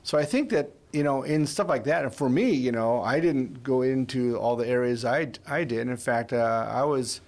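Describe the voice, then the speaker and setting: A man's voice: medium pitch, normal speed, hardly any pauses, darkish tone. A man in his sixties, hosting a faith podcast and telling a personal story in a rambling, heartfelt way with frequent restarts. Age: 60s. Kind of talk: conversational podcast interview.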